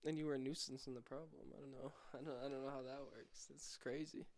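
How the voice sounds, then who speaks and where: A man's voice: mid-range voice, level tone, fast talker, darkish tone. A man co-hosting a casual podcast chat, teasing and skeptical in a laid-back way.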